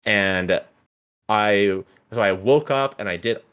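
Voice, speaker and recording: A man in his thirties recounts his story in casual talk, his voice sitting fairly low. He stumbles and restarts often, sometimes slipping into the voices of people he quotes. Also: takes it slowly, fairly bright tone, clean tone. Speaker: guest.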